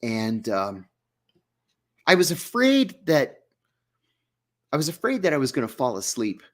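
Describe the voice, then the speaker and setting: A man's voice: medium pitch, huge pitch swings, measured pace, a bit bright. Man telling a tense first-person story. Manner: vivid first-person storytelling, acting out dialogue. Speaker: guest. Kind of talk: storytelling in an interview.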